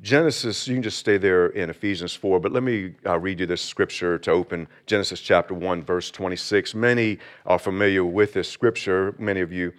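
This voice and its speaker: A man pastor giving a sermon, moving from quiet talk and prayer into slow, emphatic, rising preaching. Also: deep voice, fairly even intonation. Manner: builds from quiet intro to fervent preaching, slow emphatic phrases; prays aloud.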